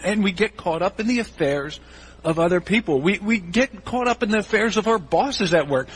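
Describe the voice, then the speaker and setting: A male pastor giving a sermon in a church, animated and acting out the voices of churchgoers in quick asides. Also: high-pitched, slightly rough, low-quality recording.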